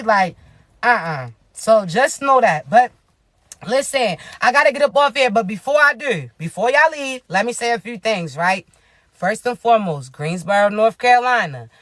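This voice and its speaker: A woman who works as a spiritual advisor, giving a casual, animated pep talk full of slang, preaching at times and often laughing. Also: fairly high pitch, moderate pace, no room sound.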